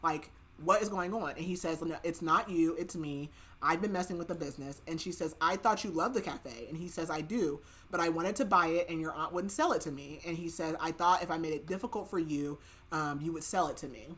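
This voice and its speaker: A woman's voice: low voice, fairly quick, fairly bright tone. A woman hosting a podcast, casually retelling a novel's plot in a chatty way, quoting the characters' lines and filling her speech with "like". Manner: chatty, filler-heavy retelling with quoted dialogue. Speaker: podcast host. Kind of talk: casual book recap.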